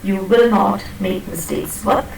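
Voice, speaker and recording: A woman teaches pronunciation in a classroom lecture, patiently repeating and demonstrating words and checking that students follow. Her mid-range voice is a little slow and a little mellow, with vocal fry. A distant mic captures the echoey room along with slight background noise.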